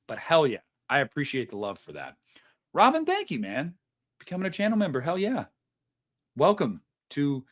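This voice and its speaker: A man hosting a live stream, reading viewer donations aloud and chatting about them in a relaxed, rambling way full of slang and fillers. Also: a little high. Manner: chatty, laid-back, lots of fillers and slang. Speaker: livestream host reading super chats. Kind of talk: casual live stream chat.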